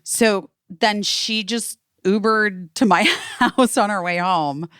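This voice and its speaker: A woman's voice: medium pitch, takes it slowly, clear, resonant tone, dry recording, studio quality. A woman hosting a podcast, telling a story in casual chat with lots of fillers. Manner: animated storytelling with many "like" fillers. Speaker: podcast host.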